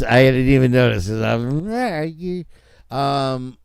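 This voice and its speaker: A man's voice: mid-range voice, slow, a little mellow, clear, resonant tone, no echo, clean studio sound. A man hosting a casual commentary show, rambling with sarcastic asides and chuckles. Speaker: host.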